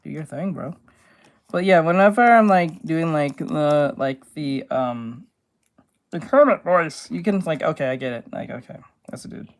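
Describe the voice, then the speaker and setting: A man with a naturally high-pitched voice, streaming and chatting casually, loose and full of fillers and swearing. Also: normal speed. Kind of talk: casual live-stream chat.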